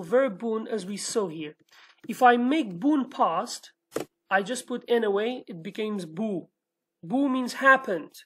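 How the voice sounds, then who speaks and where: A woman from Sulaymaniyah in Iraqi Kurdistan, a native Kurdish speaker with a Kurdish accent, patiently teaches a language lesson step by step, often asking "okay?" to check in. Her voice is slightly high with a breathy edge.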